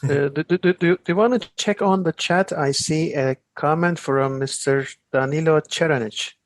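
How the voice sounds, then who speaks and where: A man's voice: a little high, moderate pace, no room sound. A man hosting a video cast interview, polite and conversational. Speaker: interviewer, show host.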